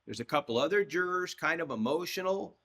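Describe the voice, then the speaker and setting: A man in his sixties, a trial lawyer, telling a story as a podcast guest, with frequent restarts and lively acted-out dialogue. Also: a little high, brisk. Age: 60s. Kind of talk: anecdotal storytelling in a podcast interview.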